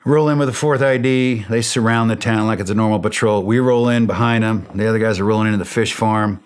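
A middle-aged former special operations soldier tells a war story on a podcast, blunt and animated as he acts out the dialogue. His voice is fairly low, fast, clear, and resonant.

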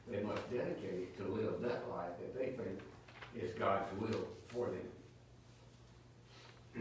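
A man's voice: on the low side, a little mellow, slight background noise. A man teaching a Bible study sermon in a church, speaking emphatically and asking his listeners rhetorical questions. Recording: echoey church from far off.

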